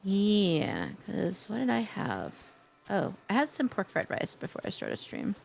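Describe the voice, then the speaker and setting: A woman's voice: mid-range voice, wildly swooping pitch, unhurried, vocal fry, darkish tone, a little hiss or hum. A young woman with a New York accent, chatting playfully on a live stream, joking, swearing and laughing often. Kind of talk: casual live-stream chat.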